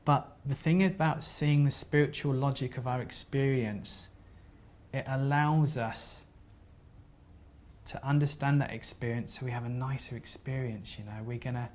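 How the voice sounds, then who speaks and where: A man giving a seminar talk, telling stories in an earnest, halting way with frequent restarts and gentle apologies. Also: mid-range voice, steady tone, slight background noise. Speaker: seminar speaker.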